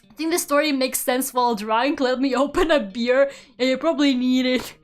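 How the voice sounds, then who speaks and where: A young adult woman with a high voice streams casually, chatting and reading a book aloud at a brisk clip. She's giggly and sarcastic, swears and trips over her words, with faint music in the background.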